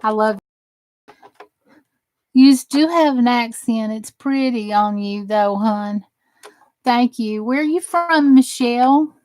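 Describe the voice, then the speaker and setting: On the high side yet darkish in tone, the woman's voice takes it slowly with many pauses. She is a chatty Southern crafting host demoing a die-cutting machine and reading live viewers' comments aloud, captured in poor audio.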